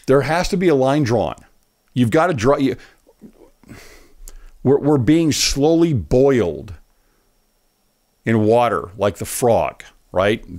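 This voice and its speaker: A man giving earnest, emphatic commentary on a political speech clip, pausing it to preach his point. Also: medium pitch, a little mellow. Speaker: online commentator.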